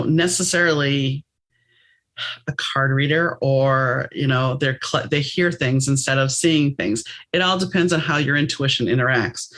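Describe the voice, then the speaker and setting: A woman from New Orleans hosting a podcast, chatting in a reflective, animated way. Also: deep voice. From New Orleans, USA. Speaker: podcast host. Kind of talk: casual interview chat.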